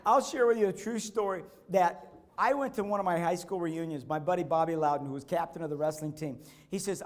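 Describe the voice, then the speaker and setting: A man giving a motivational conference speech, telling personal stories with animated delivery and repeating key phrases. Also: a little high, a little fast. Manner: acts out quotes, bursting into shouts. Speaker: keynote speaker. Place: conference stage.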